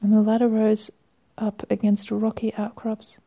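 A woman reads a first-person story with a wry, measured delivery, and at times her voice sinks to a near-whisper. Her voice is low and gravelly, dark and mellow in tone. The pitch stays fairly flat throughout. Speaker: reader.

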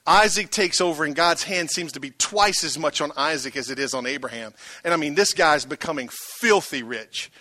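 A male pastor preaching a sermon, dramatic, swinging from loud bursts to hushed tones and asking the crowd rhetorical questions. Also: fairly high pitch, moderate pace, few pauses, no echo.

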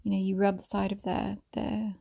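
A woman talking softly as a mother sharing reflections, drifting often into whispers and meandering with many fillers and restarts. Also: medium pitch, level tone, moderate pace, vocal fry. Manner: soft, gentle, slipping into whispers. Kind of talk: soft-spoken ASMR talk.

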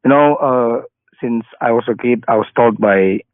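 Caller, male, halting and stammering, mid-pitched voice, dry tinny phone sound. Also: dry recording. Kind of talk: hesitant debate call.

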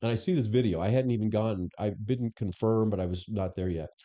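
Deep, dark-voiced man telling stories. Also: fairly quick, lo-fi sound. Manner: animated storyteller who acts out quoted dialogue, frequent restarts. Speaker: former police chief, podcast guest. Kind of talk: casual interview storytelling.

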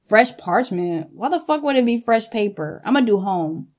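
A woman vlogging casually, animated and quick to laugh, cursing freely, with features. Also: mid-range voice. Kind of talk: casual storytelling chat.

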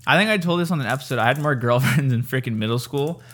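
A young man co-hosting a podcast in casual chat, telling stories animatedly and acting out the people he quotes. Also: quick pace. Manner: animated storyteller, acts out quoted voices in high pitch. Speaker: podcast co-host.

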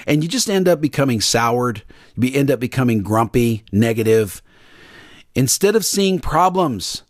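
A man's voice: mid-range voice, lively intonation, brisk, no echo, clean studio sound. A middle-aged man, preaching an earnest, repetitive devotional sermon on his podcast and acting out panicked voices. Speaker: pastor podcast host.

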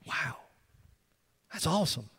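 A middle-aged man preaching a sermon in a church, telling a story with animated emphasis and frequent restarts. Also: slow pace. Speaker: pastor. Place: church sanctuary. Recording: long reverb of a large hall.

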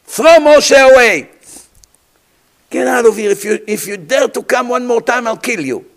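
A preacher acting out a furious, desperate Pharaoh. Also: male voice, extremely high pitch, slow pace, pitched above the performer's own voice, full character voice. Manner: shouting, then frantic and begging. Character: Pharaoh, proud then panicked Egyptian king.

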